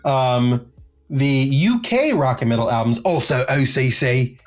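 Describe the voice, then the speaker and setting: A man's voice: medium pitch, expressive, measured pace. A man co-hosting a music podcast, casually reading out chart positions with lots of filler and joking asides. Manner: jokey, rambling, many filler ums. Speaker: podcast co-host.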